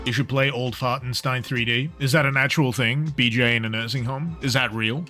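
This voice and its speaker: A man's voice: mid-range voice, fairly even intonation, moderate pace, over music. A man streaming a game, joking with his chat and laughing often, a little tipsy from a few beers. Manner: jokey, laughs often, chats with viewers. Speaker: gaming streamer. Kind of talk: casual livestream commentary.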